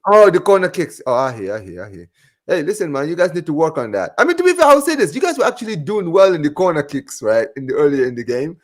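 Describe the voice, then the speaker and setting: On the high side and fast, with big pitch swings, a man hosts a live football watch-along as casual stream chat. Viewer comments get read aloud, he trades jokes with his co-hosts, and "man" and "bro" come up often.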